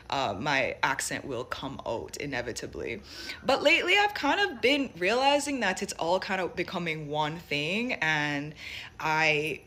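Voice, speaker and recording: A young woman with a light Jamaican accent talks to her viewers in a loose, rambling way, stopping to think as she goes. Her voice sits a little low for a woman. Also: a bit bright. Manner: reflective, rambling with fillers. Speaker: vlogger. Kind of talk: casual personal talk to camera.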